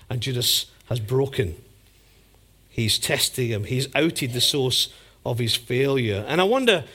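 Man preaching a lively sermon. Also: on the high side. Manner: storytelling, acting out scenes with lively voices.

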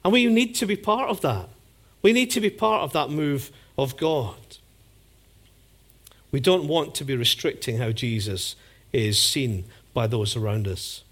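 A man's voice: mid-range voice, animated, a little slow. A man preaching a sermon, telling stories and acting out scenes in different voices.

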